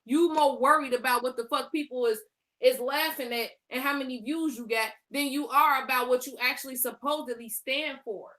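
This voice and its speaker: A woman co-hosting a live stream, firing off profane, cutting comebacks. Her voice is high and bright. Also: moderate pace. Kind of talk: heated live commentary.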